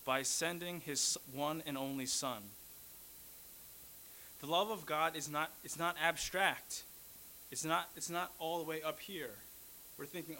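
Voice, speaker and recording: A man's voice: fairly high pitch, a little slow, pushed and bright, a little hiss or hum, poor audio. A man preaching a sermon, teaching earnestly, repeating key phrases and correcting himself mid-sentence.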